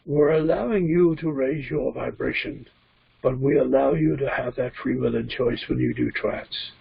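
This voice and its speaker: A man voicing a calm male spirit guide that speaks through him, measured and solemn, on a dull, dry computer recording. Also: mid-range voice, gravelly, breathy edge. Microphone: computer mic.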